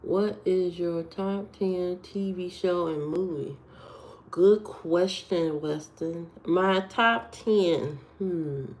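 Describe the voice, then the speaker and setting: Woman livestream host, casual and unhurried, low-pitched, answering chat in a hushed voice. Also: low-quality recording. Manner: reads and answers chat comments aloud, lowered voice.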